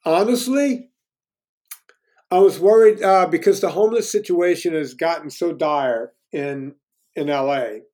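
A man's voice: a little high, mellow. A man in his fifties, a guest telling stories in casual conversation, candid and self-deprecating, often restarting his sentences. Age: 50s.

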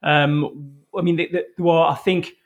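A man's voice: fairly high pitch, fairly even intonation, normal speed, lo-fi sound. A man hosting a casual podcast as a fan, eagerly listing names and asking his guest questions. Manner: enthusiastic, reels off lists of names.

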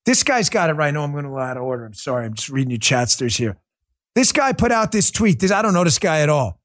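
A man's voice: on the high side, big pitch swings, fast talker, fairly bright tone. A man hosting a livestreamed political commentary show, talking in a combative, sarcastic rant. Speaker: political talk show host.

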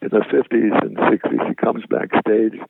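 An older man, an actor, telling lively anecdotes about his career in an interview, acting out the voices of people he quotes. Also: lowish voice, moderate pace. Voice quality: gravelly. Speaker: actor guest. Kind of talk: storytelling interview. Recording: dry tinny phone-line radio audio.

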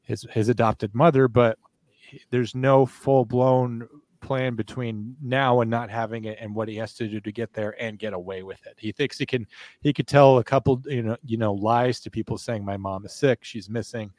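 A man at a middle pitch, talking through a criminal case with his co-host. He rambles and restarts as he thinks aloud. The sound is dry and close, with no room around him. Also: steady tone, normal speed, darkish tone, no echo. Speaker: podcast co-host. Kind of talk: casual true crime discussion.

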